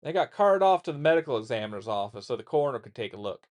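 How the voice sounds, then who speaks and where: A man voicing a gruff old war veteran father who lectures his son in a blunt, coarse, folksy way. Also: mid-range voice, sing-song, very fast, pitched below the performer's own voice, close to an everyday voice. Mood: grim. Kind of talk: reading a letter aloud in character.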